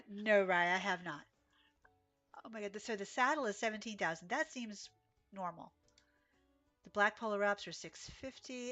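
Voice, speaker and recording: Sleepy woman streaming a horse game, chatty and excitable, faint music behind. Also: mid-range voice. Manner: chatty, reads chat aloud, gasps and exclaims. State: sleepy, yawning. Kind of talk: casual live-stream chat.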